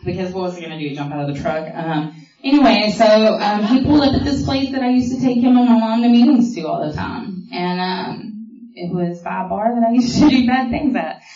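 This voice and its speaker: A woman's voice: mid-range voice, brisk, dark tone. Woman telling her story, far off. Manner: storytelling with many fillers, mimicking others. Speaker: speaker sharing a recovery story. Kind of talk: personal testimony at a meeting. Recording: echoey hall from far off, dull.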